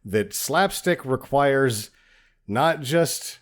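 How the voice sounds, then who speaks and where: A man's voice: medium pitch, expressive, drawn-out words. A man co-hosting a movie-review podcast, critical and casually profane as he explains comedy timing. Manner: critical, explains film craft, swears casually. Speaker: podcast co-host.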